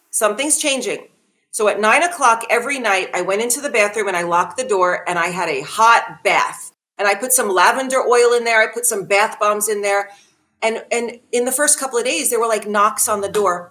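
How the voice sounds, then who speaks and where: A woman in her forties speaking as a wellness guest on a podcast, animated and laughing readily, often asking listeners questions. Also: on the high side, moderate pace. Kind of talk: conversational podcast talk.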